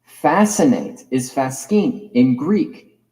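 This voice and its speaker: A man's voice: medium pitch, expressive, slow, dark tone, poor audio. A man giving a reflective, digressive lecture as a course teacher, musing over the roots of words.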